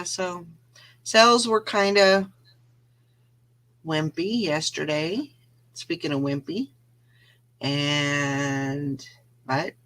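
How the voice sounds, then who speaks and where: A woman's voice: on the low side, sharp tone. A woman co-hosting a casual live-stream morning show, laughing easily and trailing off mid-sentence. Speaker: co-host of a reseller morning show.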